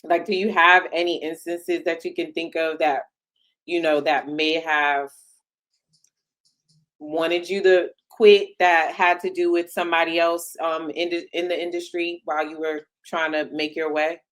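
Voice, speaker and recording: A woman hosting a podcast, asking relaxed questions with frequent fillers. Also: sits low, a little slow. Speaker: podcast host. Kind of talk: conversational interview.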